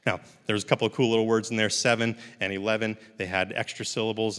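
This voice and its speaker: Leading a live puppetry workshop for seated attendees, this instructor stays upbeat and encouraging and keeps running jokes going. He speaks fast in a low, fairly bright voice with little pitch movement, recorded off mic in a hall with long reverb.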